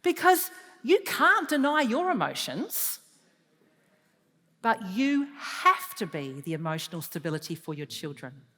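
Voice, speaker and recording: A woman giving a lively counselling talk to an audience, moving from loud emphasis to soft, hushed advice. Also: mid-range voice, unhurried. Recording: long hall reverb.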